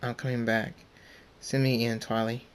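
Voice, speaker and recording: A man's voice: medium pitch, little pitch movement, clear, resonant tone, close to an everyday voice. A man reading as a male pony hero with hidden rage. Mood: earnest. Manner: plain reading voice, slow.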